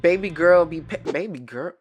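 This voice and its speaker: A man's voice: a little high, moderate pace, dull audio, a little hiss or hum. A man reading fanfiction aloud in a dramatic, comedic way, breaking off into sassy asides and laughter. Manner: animated, exaggerated reactions, frequent laughter and sassy commentary.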